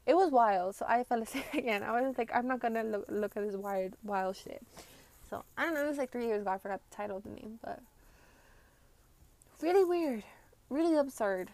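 A woman's voice: medium pitch, darkish tone. A young woman casually telling a story to her viewers, chatty and profane, with lots of "like" fillers. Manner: chatty and profane, heavy use of "like".

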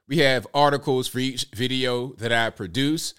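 A man's voice: mid-range voice, moderate pace, a bit bright, clean tone. A man hosting a live political commentary show, talking to his audience in a casual, direct, folksy way and repeating points for emphasis.

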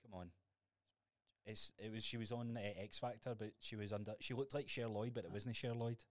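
A young Scottish man co-hosting a podcast, telling stories in a sweary, animated way. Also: fairly low pitch, fairly quick, dry recording. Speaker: podcast co-host. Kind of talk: casual chat.

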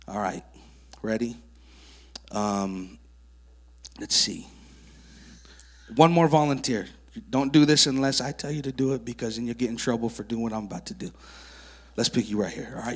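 Animated male preacher telling stories. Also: mid-range voice, husky. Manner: animated storyteller who works with child volunteers. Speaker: preacher at a kids camp. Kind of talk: sermon with testimony stories. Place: church sanctuary.

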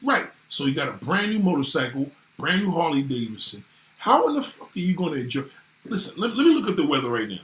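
A man ranting casually to viewers, animated and swearing freely. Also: fairly high pitch, fast talker. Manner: animated, swearing, voices others in quotes. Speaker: vlogger talking to viewers. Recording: echoey room.

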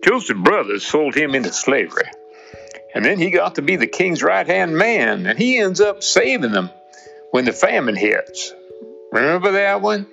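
A man voicing a folksy older baseball coach who talks calmly about faith, with a homespun, sermonizing manner. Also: fairly high pitch, normal speed, gravelly, pitched above the performer's own voice, full character voice. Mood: earnest. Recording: dull lo-fi with faint music.

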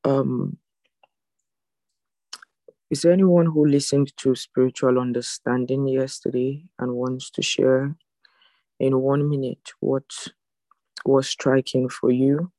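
A woman's voice: rumbling low, fairly even intonation, slow, pauses often, warm tone, dry recording, rough recording. A woman moderating an online church devotion meeting over a video call, formal and addressing everyone as esteemed.

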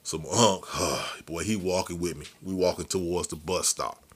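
Guy hosting a podcast, low-key slangy storytelling, lowish voice. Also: moderate pace, breathy edge. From Miami, Florida. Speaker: podcast host. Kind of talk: casual storytelling.

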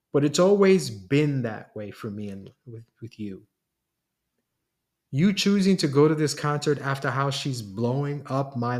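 A narrator doing an exasperated young lawyer. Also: male voice, mid-range voice, a little mellow, close to an everyday voice. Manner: exasperated, sarcastic. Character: frustrated young male lawyer.

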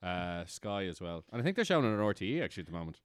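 A man's voice: low-pitched, very animated, rapid-fire, clear, resonant tone, dry recording, clean studio sound. A man in casual chat, recommending TV shows and groping for names.

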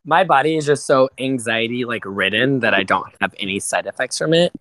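A man's voice: mid-range voice, fairly quick, a bit bright, dry recording, rough recording. A man co-hosting a podcast, blunt and crude in casual chat, self-deprecating. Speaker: podcast co-host.

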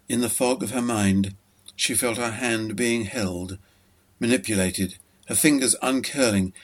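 A man reads a story aloud in a measured, steady manner. His voice sits at an ordinary middle pitch. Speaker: narrator. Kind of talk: scripted story narration.

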